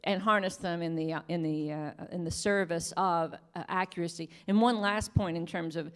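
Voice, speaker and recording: A woman journalist speaks on a discussion panel in a fairly low voice. She halts often, with fillers and restarts, and pleads earnestly. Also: fairly even intonation, normal speed.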